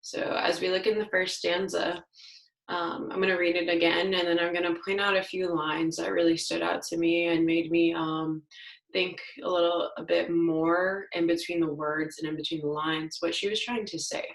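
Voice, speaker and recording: A young woman teacher thinking aloud as she explains a poem to her students step by step, pausing on fillers, in a dim room. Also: lowish voice, little pitch movement, creaky, echoey room, rough recording. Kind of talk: read-aloud lesson for students.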